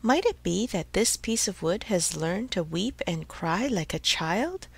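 A woman's voice: mid-range voice, animated, measured pace, vocal fry, breathy edge, heavily acted. A woman voicing a jittery old male carpenter who mutters to himself, in a storybook reading. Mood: frightened. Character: old, red-nosed male carpenter, easily frightened.

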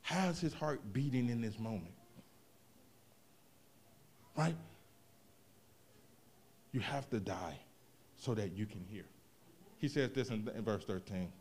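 A man preaching a sermon, moving from hushed reflection to loud, animated emphasis, with casual asides to the congregation. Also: lowish voice, slow pace, long pauses, slight background noise. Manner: expressive preaching, swings from quiet to loud, vernacular asides. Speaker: pastor.

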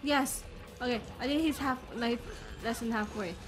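A woman's voice: a little high, normal speed, over music. A woman streaming a video game, exclaiming and swearing at it as she plays. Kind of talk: live gameplay commentary.

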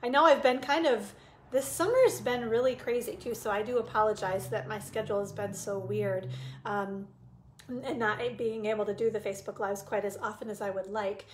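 A woman's voice: medium pitch, steady tone, moderate pace, slight background noise. A middle-aged woman hosting a live card-stamping demo, chatty and casual, greeting viewers by name with plenty of ums.

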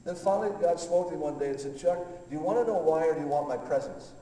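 A man preaching a sermon as pastor, rising from quiet reflection to fervent loud passages and acting out conversations with God. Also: fairly high pitch, fast, slight background noise. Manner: impassioned, builds from quiet to loud, acts out dialogue. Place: large church hall. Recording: echoey hall from far off.

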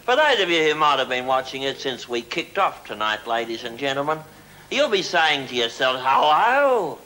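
A man doing a tipsy, pompous Australian diplomat in a broad accent, who rambles on in an inflated, formal manner. His pitch sits in an ordinary middle range. The sound comes from a hissy old 1970s TV broadcast. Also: very animated, moderate pace, sharp tone, low-quality recording. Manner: pompous, boozy, rambling speechifying. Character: drunk crude middle-aged male Australian diplomat. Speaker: comic character monologue. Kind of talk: television comedy sketch. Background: studio audience laughter.

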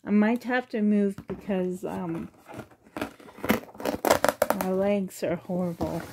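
A woman's voice: mid-range voice, slow, heavy background noise. A woman doll collector in a casual unboxing vlog, gushing and emotional, often laughing and sighing, talking on the floor at home.

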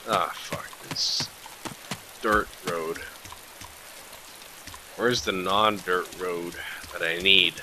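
A man's voice: low-pitched, steady tone, extremely slow, long pauses, noisy background. A tired man hosting a late-night game video, muttering and cursing under his breath. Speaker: let's play host. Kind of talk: casual gameplay commentary.

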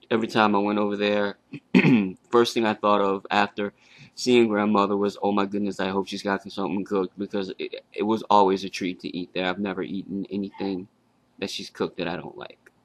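A young man with a very deep, gravelly voice who speaks in a halting, flat way, full of fillers and restarts. The sound is dry and close, with no room echo. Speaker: grieving grandson. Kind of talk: casual personal tribute.

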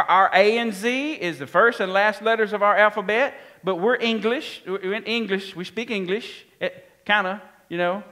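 A man preaching a sermon, animated and often asking his congregation questions. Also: high-pitched. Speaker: pastor.

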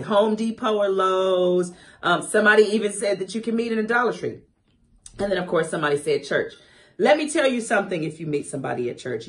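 A woman's voice: fairly low pitch, a little hiss or hum. A woman in her forties hosting morning radio with a preachy, encouraging pep-talk manner. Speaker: radio host.

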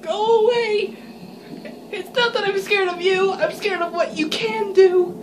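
A woman's voice: very high voice, fairly even intonation, normal speed, noisy background. A young woman commentating a horror game, panicky and laughing nervously, often repeating herself. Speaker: gaming YouTuber.

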